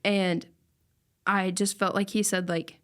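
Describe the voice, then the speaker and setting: Young adult woman, casual podcast guest, earnest and emotional storyteller, middle pitch. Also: little pitch movement, slow, smooth. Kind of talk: casual chat, personal story.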